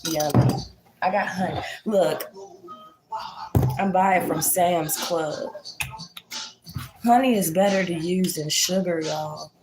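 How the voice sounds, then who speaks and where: A woman's voice: fairly low pitch, slow, pauses often, over music. Chatty congested woman. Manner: chatty, folksy, addresses viewers as y'all. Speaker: vlogger. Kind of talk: casual chat to camera.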